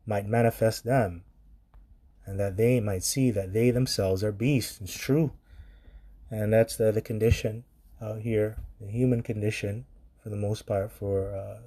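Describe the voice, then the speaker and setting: Low mellow-voiced blunt preacher man. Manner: blunt, profane, reads scripture aloud. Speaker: street preacher commentator. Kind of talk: preaching commentary on scripture.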